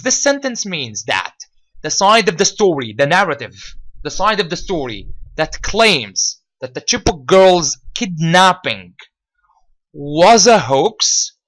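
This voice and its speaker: A man with an Egyptian accent teaches English vocabulary, his voice sitting a little higher than most men's. He drills each word with repeat-after-me rounds. He restates every point in several ways, at a deliberate teaching pace. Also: a bit bright, rough recording. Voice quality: deliberate, repetitive delivery, rephrasing each point several times.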